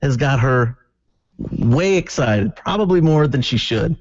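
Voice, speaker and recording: A man's voice: mid-range voice, animated, measured pace. A man sitting in on a morning radio show, making dry, wry jokes in casual banter. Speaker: radio guest co-host. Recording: dull lo-fi radio recording.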